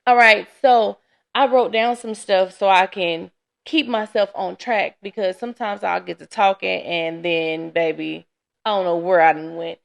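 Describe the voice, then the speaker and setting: A woman's voice: mid-range voice, fairly even intonation, measured pace, creaky. A woman hosting a casual solo podcast, chatty and candid, sounding tired and laughing often. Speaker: podcast host. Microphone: camera.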